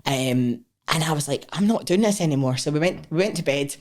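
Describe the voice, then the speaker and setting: A woman's voice: sits low, brisk. A woman with a Scottish accent, a podcast guest telling her own story frankly, swearing freely and acting out what people said. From Scotland. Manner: frank and expressive, swears freely, acts out quotes. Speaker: guest, powerlifter. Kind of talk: candid personal storytelling.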